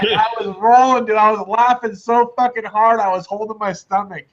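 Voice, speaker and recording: A man in casual podcast chat, telling stories excitedly with lots of swearing and laughter. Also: high voice, normal speed, hardly any pauses, slight background noise. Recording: slightly dull lo-fi sound.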